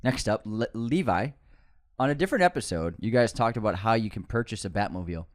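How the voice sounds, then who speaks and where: A man's voice: fairly low pitch, lively intonation, fast talker. A young man co-hosting a comedy podcast, recapping a film from memory, laughing often and acting out lines. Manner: laughs often, acts out movie lines loudly. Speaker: podcast co-host. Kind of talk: comedic movie recap chat.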